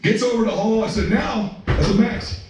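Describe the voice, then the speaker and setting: A man telling a personal story as a father, emotional and breathless, swearing and breaking into shouts. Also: sits high, fast. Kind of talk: animated storytelling to an audience. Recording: echoey room from far off with music.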